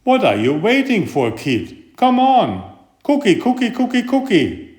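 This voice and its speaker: A man's voice: medium pitch, big pitch swings, takes it slowly. A man putting on a greedy, whining talking sweet tooth. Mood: demanding. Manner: pushy, whiny, demanding. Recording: roomy echo.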